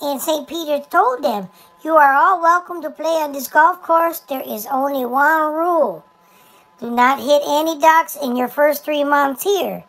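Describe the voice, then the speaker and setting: A man's voice: very high-pitched, unhurried, fairly bright tone, exaggerated voice, poor audio. A man voicing Dexter, a chatty boy character who tells a long folksy joke with stumbles and restarts. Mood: joke-telling. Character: chatty high-voiced boy named Dexter telling jokes. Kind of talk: comic storytelling to camera.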